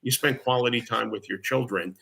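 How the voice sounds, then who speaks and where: A man's voice: medium pitch, brisk, creaky, bright, forceful tone, a little hiss or hum. A man with an American accent, co-hosting a morning talk show, speaking in earnest, enthusiastic casual chat.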